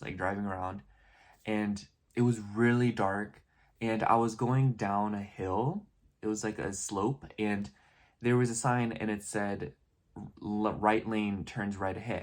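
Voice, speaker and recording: A young man telling a story in a casual vlog, rambling and filling his talk with "like" and "you know". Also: fairly low pitch. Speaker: vlogger.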